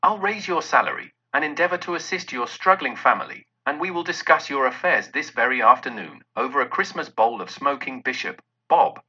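A reformed old miser bursts with hearty cheer, as a male narrator puts him on. The voice is bright and husky, leaping up and down in pitch. The recording sounds dull and lo-fi. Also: very animated, moderate pace, heavily acted. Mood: jubilant.

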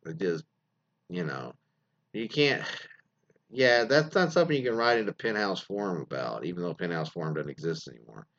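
A man's voice: low-pitched, big pitch swings, normal speed, fairly bright tone, highs cut off. A man casually reading out and joking about listener stories, rambling with lots of fillers and restarts. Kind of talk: casual comedic commentary.

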